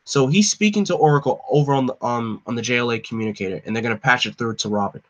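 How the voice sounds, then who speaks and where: A man casually reading a comic aloud and narrating it with excited emotion. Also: medium pitch, fast talker, hardly any pauses, dull audio. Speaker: comic reader. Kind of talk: casual comic live read.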